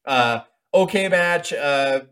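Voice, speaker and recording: A man's voice: a little high, expressive, slow pace, fairly bright tone, smooth. A young adult man co-hosting a casual chat show, ranting heatedly with lots of swearing. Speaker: podcast co-host reviewing wrestling events.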